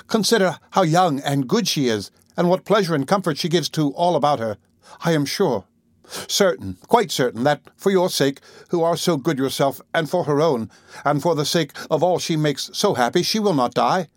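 A man's voice: fairly high pitch, expressive, moderate pace, no echo, clean studio sound, natural voice. A man voicing an earnest, tearful young boy who pleads eagerly in a raised voice.

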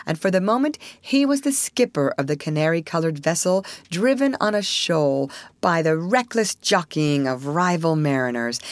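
Expressive slow-reading woman narrator. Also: low-pitched, no echo. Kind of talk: storybook narration.

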